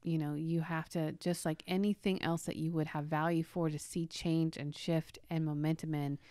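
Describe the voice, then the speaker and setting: A woman in her forties co-hosting a podcast, telling a family story with lively emotion and many restarts. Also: low voice, normal speed, no echo, studio quality. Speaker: podcast co-host. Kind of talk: casual storytelling chat.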